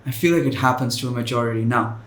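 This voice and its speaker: A man's voice: mid-range voice, fast talker, a bit bright, reverberant, slight background noise. A man co-hosting a podcast in casual chat, reflective and a bit hesitant. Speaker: podcast co-host.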